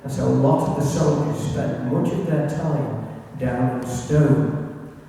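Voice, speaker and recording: A man's voice: medium pitch, slow pace, vocal fry, warm tone. A man from England giving an illustrated local history talk, chatty and anecdotal, with asides to his audience. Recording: echoey hall recording from far off.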